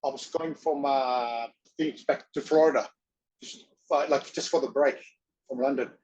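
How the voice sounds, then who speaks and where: A man at an ordinary middle pitch who tells his stories in an excitable, rambling way. His grammar is loose, he acts out other people's lines, and he swears now and then. A faint noise sits behind him. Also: moderate pace, highs cut off. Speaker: interview guest, former wrestler and actor. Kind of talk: casual storytelling.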